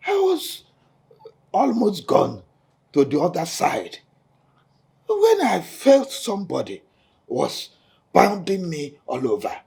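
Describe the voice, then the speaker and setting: A man's voice: fairly high pitch, darkish tone, heavily acted. A man with a Nigerian accent playing an aggrieved titled elder who dramatically recounts being beaten. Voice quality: gravelly, raspy. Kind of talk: Nollywood film acting.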